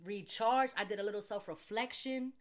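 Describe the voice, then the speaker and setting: A young adult woman co-hosting a podcast, telling a story in casual chat, animated and profane, acting out quotes loudly. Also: mid-range voice, normal speed. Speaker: podcast co-host.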